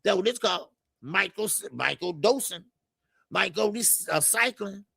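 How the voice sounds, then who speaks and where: Gravelly, high-voiced man hosting a boxing stream. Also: lively intonation, normal speed, bright, forceful tone, dry recording. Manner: loose and profane, lots of filler stammers. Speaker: boxing show host. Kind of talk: casual live-stream chat reading comments.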